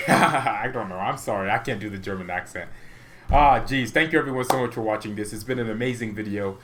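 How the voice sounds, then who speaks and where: Mock-menacing young football fan vlogger. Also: male voice, lowish voice, a little fast, background noise. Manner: animated and mock-menacing, chuckling between points. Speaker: football fan channel host. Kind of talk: casual fan rant to camera.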